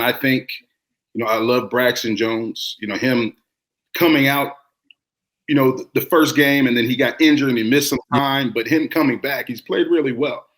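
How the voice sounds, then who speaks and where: Reflective man coaching high school football. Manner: relaxed, reflective, many fillers. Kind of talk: casual sports talk.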